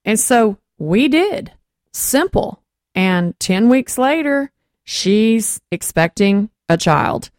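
A woman with a drawl hosts a Christian talk program and shares a testimony in a lively, storytelling manner. She slips into the voices of the people she quotes as the story unfolds. Her voice sits in a middle range and is recorded dry and close, with no room sound. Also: medium pitch, slow pace, dry recording. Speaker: host of a Christian talk show.

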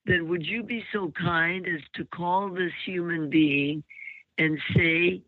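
Slow-talking man, higher voice, blunt advice host, dry narrow phone-like sound. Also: steady tone, dry recording. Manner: blunt, lecturing, interrupts. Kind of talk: call-in advice show.

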